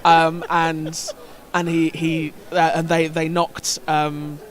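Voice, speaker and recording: A man's voice: fairly high pitch, monotone, slow, crowd noise. A man commentating a sports game, telling a story hesitantly with many fillers and restarts.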